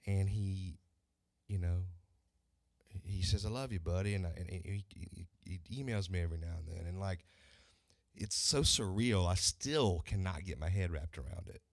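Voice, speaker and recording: A man's voice: low-pitched, moderate pace, no echo, studio quality. A man, a country singer, telling stories in a casual interview and acting out the voices he quotes.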